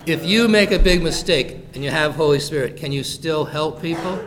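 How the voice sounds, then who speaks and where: A man's voice: fairly high pitch, normal speed, noisy background. A man preaching a sermon, explaining a Bible passage in casual modern words and acting out the quoted lines. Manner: animated, acts out quoted lines in voices.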